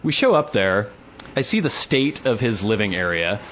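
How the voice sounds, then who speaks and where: Male podcast host, lively swearing storyteller with a swinging, animated delivery. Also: lowish voice, moderate pace. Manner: animated storytelling, acts out quotes, swears a lot. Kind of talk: casual chat.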